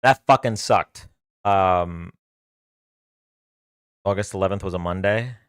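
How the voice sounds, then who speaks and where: A man's voice: sits low, slow pace, no room sound, studio quality. A man hosting a livestream, telling a long casual story in a rambling way with many fillers and restarts. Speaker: livestream host.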